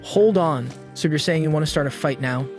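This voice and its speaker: A man voicing a calm, confident young male hero who sounds cool and unbothered, in a story recap. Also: a little high, a little fast, faint music behind, lightly acted.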